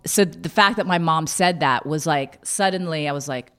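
Guest, woman, lower-pitched, halting personal storytelling. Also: fairly bright tone, clear, resonant tone. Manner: halting, with many restarts and filler.

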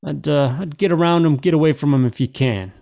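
A man voicing a brusque officer at a checkpoint in a tabletop game, high and clipped. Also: a little fast, creaky, mellow. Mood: officious.

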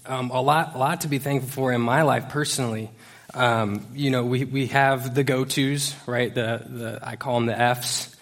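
Youth pastor, casual sermon to a congregation. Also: male voice, mid-range voice, steady tone, normal speed. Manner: casual, joking, many fillers. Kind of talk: conversational sermon. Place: church service before a congregation.

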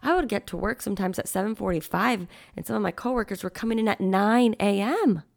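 A young woman hosting a podcast, candidly retelling a personal story in an animated way, with quoted asides and lots of "like". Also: mid-range voice, a little fast, vocal fry. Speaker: podcast host.

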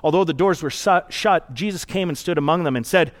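A man's voice: on the high side, brisk. Earnest conversational male pastor. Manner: conversational, earnest, reflective storytelling. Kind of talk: sermon.

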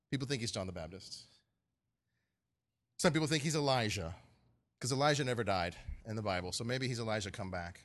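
A man preaching a sermon in an animated way, often acting out quotes in playful voices. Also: mid-range voice. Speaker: pastor.

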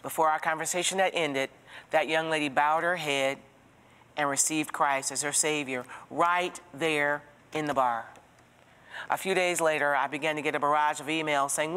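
A woman teaching a Bible study, telling stories in an expressive, preacherly way and asking the listener direct questions. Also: low-pitched, normal speed, clear, resonant tone, in a large hall.

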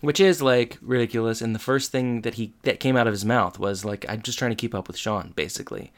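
A mid-pitched speaker recaps a sitcom episode in casual chat. They narrate each scene with quoted dialogue and lots of "like.". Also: a little fast.

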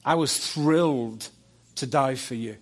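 A preacher putting on the voice of Jesus in a dream, a man's voice that presses the same demand again and again. It comes fairly high and slow. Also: vocal fry, slightly rough, exaggerated voice. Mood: soft tender. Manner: insistent, repeating demands; soft and tender when gentle. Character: Jesus confronting a man in a dream, stern then tender.

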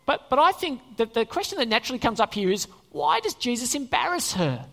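Animated preacher in an echoing hall. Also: medium pitch, a little fast. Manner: conversational, asks the congregation questions. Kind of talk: sermon. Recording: long reverb in a church hall.

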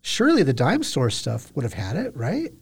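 A man's voice: mid-range voice, huge pitch swings, moderate pace, husky. A man co-hosting a casual book discussion in an easygoing, agreeable way, often hedging what he says.

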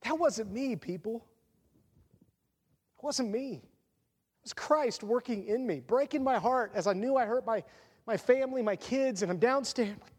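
A man's voice: extremely high pitch, a little slow, long pauses, darkish tone, slightly rough, big-room sound. A middle-aged man preaching an earnest, confessional sermon as pastor.

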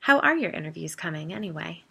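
A brisk, knowing woman friend, as a female narrator puts her on, firm and matter-of-fact. Her voice sits a little low, with a forceful, bright edge. She is a friend from a storybook reading. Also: expressive, gravelly, slightly rough, heavily acted.

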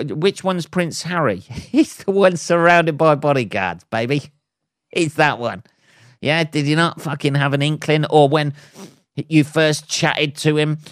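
A man's voice: on the high side, measured pace, clean tone, no echo, studio quality. A man hosting his own podcast, ranting casually with lots of swearing and chuckles, mocking with put-on voices. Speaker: podcast host. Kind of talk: casual solo podcast rant.

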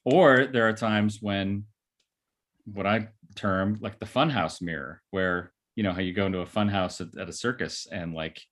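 Low-voiced male therapist explaining patiently. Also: steady tone, moderate pace, fairly bright tone. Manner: explains with tags like "right?" and "you know"; acts out quoted voices. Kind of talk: explanatory podcast talk.

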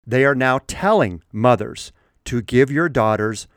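A man hosting his own solo opinion podcast. He talks in a chatty, rambling way, laughs at himself, and slows down to press his points. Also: medium pitch, lively intonation, smooth, no echo, clean studio sound. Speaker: podcast host.

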